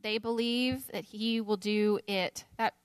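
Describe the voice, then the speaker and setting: A woman's voice: medium pitch, steady tone, takes it slowly, clean tone, dry recording. A woman in her thirties leading a Bible study, talking candidly about faith and motherhood and laughing often at herself. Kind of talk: teaching a women's Bible study.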